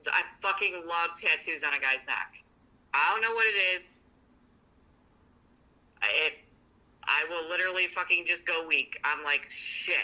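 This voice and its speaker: A woman co-hosting a relationship podcast, telling stories in a blunt, profane, animated way. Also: lowish voice, moderate pace, pauses often, rough recording. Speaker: podcast co-host. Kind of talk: casual chat.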